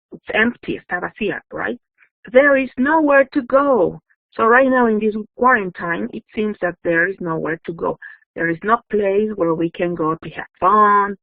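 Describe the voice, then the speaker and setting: A woman's voice: mid-range voice, no room sound. A woman teaching an online grammar lesson. She checks in often with "yes?" and "okay?", and she is patient with her students. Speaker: English teacher. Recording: dry, phone-like narrow sound.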